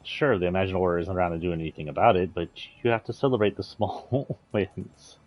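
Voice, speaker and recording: A low, husky male voice chatting casually as he streams a video game. He rambles in an offhand way and swears now and then. Faint music sits under his talk. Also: quick pace, dull audio. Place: indoors, playing a video game.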